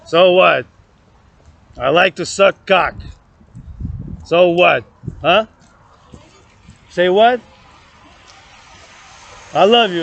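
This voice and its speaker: Man, high gravelly voice, loud profane rant, chanted repeats, faint traffic noise outdoors. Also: animated, extremely slow, long pauses, lo-fi sound. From Canada. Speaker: vlogger.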